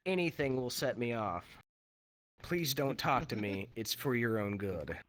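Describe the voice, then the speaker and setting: A man performing a stand-up comedy set in a virtual reality comedy club, talking on a headset and acting out characters in quick quoted voices. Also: mid-range voice, lively intonation, a crowd in the background.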